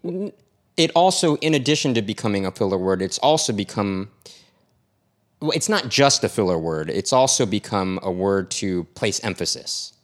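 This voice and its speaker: A young man with a fairly low voice, co-hosting an easygoing podcast. He jumps in often, argues a point and then jokes about it. He sounds relaxed and playful. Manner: jokey, interrupting, quick to disagree. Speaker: podcast co-host. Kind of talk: casual chat.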